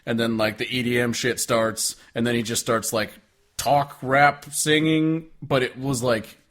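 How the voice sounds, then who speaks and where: A man in casual podcast chat, his voice sitting at an ordinary middle pitch. He talks sarcastically, leans on filler words and swears freely. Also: fairly even intonation, a little slow, a bit bright. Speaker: podcast co-host.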